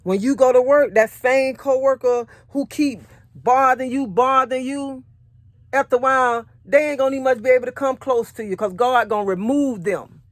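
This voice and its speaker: Her voice sits high and moves at normal speed, recorded cleanly in a studio with no room sound. A married adult woman and faith encourager, she preaches in a conversational, earnest way, repeating her points and relating her own testimony in casual vernacular.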